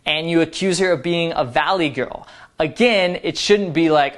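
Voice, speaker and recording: A man's voice: a little high, normal speed, a bit bright. A man giving dating advice as a coach, explaining in a playful, upbeat way. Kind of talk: instructional talk to camera.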